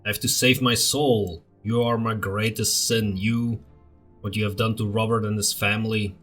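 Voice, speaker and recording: A man voicing a fanatical, crazed old nobleman grandfather in a story game, ranting and slow. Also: on the low side, fairly even intonation, fairly bright tone, faint music behind. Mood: bitter. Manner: ranting, slow menacing pronouncements.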